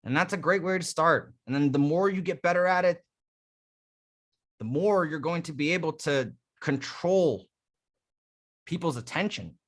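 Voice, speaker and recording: A man's voice: a little high, unhurried, long pauses. A man coaching a live class on how to use the voice, talking emphatically and casually and demonstrating each technique. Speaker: dating coach. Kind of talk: live coaching session on vocal delivery.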